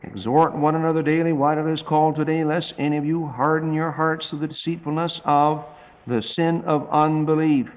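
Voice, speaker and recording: A man preaching a verse-by-verse Bible study with dry, folksy humor, reading scripture slowly. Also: a little high, flat delivery. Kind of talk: verse-by-verse Bible teaching sermon. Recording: dull lo-fi tape recording.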